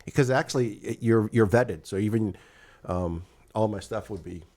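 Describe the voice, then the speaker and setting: Retired man telling a lively story. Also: on the low side, normal speed. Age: older. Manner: animated, acts out dialogue in storytelling. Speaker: podcast co-host. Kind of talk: casual storytelling chat.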